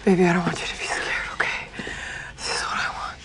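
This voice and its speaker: A woman's voice: fast, a bit bright, natural voice. An actress playing a dying mother whispering goodbye through tears. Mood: tender whisper. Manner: tearful, whispered, breaking into sobs. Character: dying young mother saying goodbye to son. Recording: clip with music behind. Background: music.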